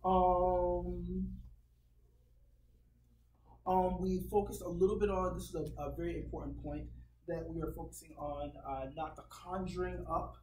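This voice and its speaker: A man's voice: high-pitched, flat delivery, warm tone, slight background noise. A man, a pastor, teaching a worship class in a casual, joking, conversational way. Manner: informal, joking, acts out quick voices. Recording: echoey room, far from mic, audience around.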